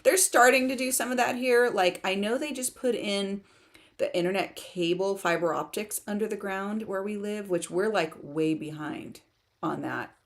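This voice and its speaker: A chatty woman hosts a relaxed livestream from her country home, laughing easily between thoughts. She reads viewer comments aloud and talks into a home computer mic. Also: medium pitch, moderate pace. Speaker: livestream host for writers. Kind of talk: casual livestream chat.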